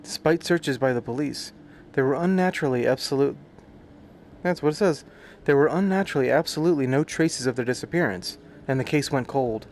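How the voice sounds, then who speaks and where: A man's voice: mid-range voice, fairly quick, a little hiss or hum. A man streaming a game, reading its subtitles aloud and adding crude, joking commentary full of swearing. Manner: crude, joking, swears often, reacts loudly.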